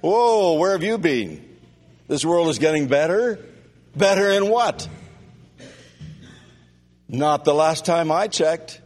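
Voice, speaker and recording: Loud, animated man preaching in a hall. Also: on the high side, takes it slowly, long pauses. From Canada. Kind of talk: sermon. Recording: long reverb of a hall.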